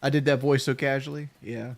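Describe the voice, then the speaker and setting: Male streamer, mid-pitched, easygoing and chatty while playing a game with a friend. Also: vocal fry. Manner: relaxed and chatty, with loose restarts and quick laughs. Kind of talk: casual gaming chat.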